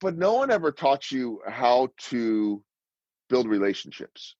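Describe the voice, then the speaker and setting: A man's voice: mid-range voice, a little slow, dry recording, muffled recording. Dry-sounding fifties man telling stories. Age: 50s. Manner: animated storyteller acting out quoted lines. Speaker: guest, sports broadcaster and speaker. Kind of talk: storytelling interview answers.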